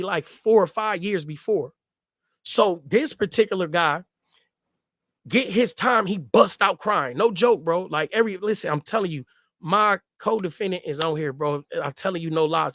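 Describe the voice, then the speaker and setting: A man's voice: high-pitched, normal speed, fairly bright tone, no echo, studio quality. A man in his thirties casually telling a story in loose street slang and repeating himself for emphasis.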